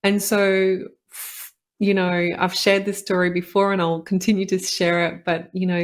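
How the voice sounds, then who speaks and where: A woman, a podcast host and doctor telling a personal story in an earnest, reflective way, often saying "like" and "you know". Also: on the low side.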